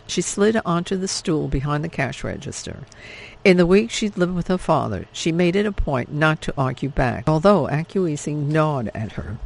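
Brief: male audiobook narrator, slightly high voice, gravelly fry, even read. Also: poor audio.

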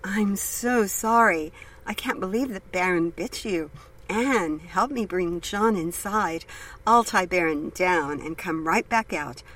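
A woman's voice: lowish voice, takes it slowly, fairly bright tone, poor audio. A woman reading the lines of a blind male judge who is shaken and apologetic, in an earnest, distressed way.

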